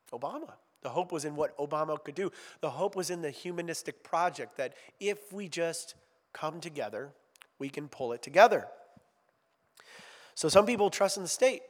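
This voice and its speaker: Pastor preaching in a reverberant hall. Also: male voice, fairly high pitch, animated, normal speed. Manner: chatty, self-deprecating humor with asides. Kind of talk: conversational sermon. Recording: long reverb of a large hall.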